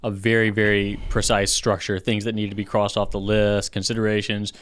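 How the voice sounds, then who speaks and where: A man's voice: on the low side, completely flat delivery, fairly quick, smooth. A man co-hosting a casual podcast, speaking earnestly and precisely, often restarting phrases. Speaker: podcast co-host.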